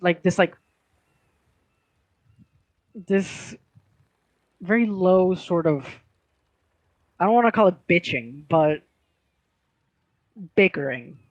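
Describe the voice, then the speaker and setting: Chatty game master man, fairly high voice. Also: slow pace, long pauses, dry recording, poor audio. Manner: casual, many fillers and restarts. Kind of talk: narrating a tabletop game.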